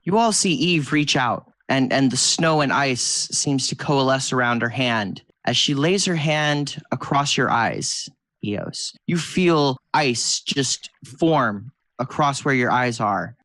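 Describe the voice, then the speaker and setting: Brief: game master narrating scenes, steady mid voice. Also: male voice, medium pitch, takes it slowly, no echo. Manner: descriptive, with frequent restarts.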